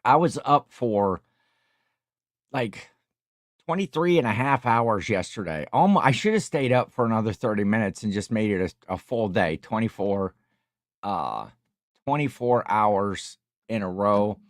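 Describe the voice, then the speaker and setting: A man's voice: fairly low pitch, animated, unhurried, dry recording, clean studio sound. A tired middle-aged man hosting a casual livestream, chatting and reading viewer comments in a rambling, jokey way. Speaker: livestream host.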